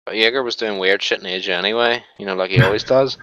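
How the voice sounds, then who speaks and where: A man's voice: lowish voice, quick pace, muffled recording. A man telling a swearing-laced war story to friends in a casual gaming voice chat. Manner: animated storyteller, swears freely.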